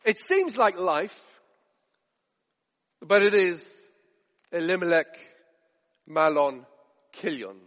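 A man's voice: high-pitched, animated, takes it slowly, pauses often, fairly bright tone, big-room sound. A man preaching a sermon, emphatic with rhetorical questions and repetition.

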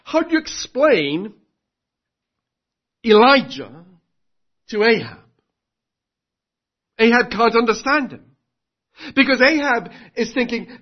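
A man's voice: high voice, big pitch swings, measured pace, long pauses, dull audio. A man preaching a sermon earnestly, putting rhetorical questions to his congregation.

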